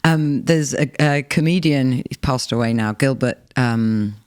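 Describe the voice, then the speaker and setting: A woman's voice: a bass voice, measured pace, darkish tone, smooth. A woman, a comedian guest on a podcast, telling anecdotes in a chatty way with small restarts. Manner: chatty storyteller, hesitant restarts. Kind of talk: casual podcast chat.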